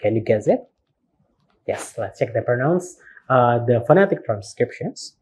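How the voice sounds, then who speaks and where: A man with an Indonesian accent teaching phonetics in a recorded university lecture, slowly spelling out words and repeating them. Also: mid-range voice, lively intonation, darkish tone, breathy edge. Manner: slow, spells words letter by letter, repeats words for practice.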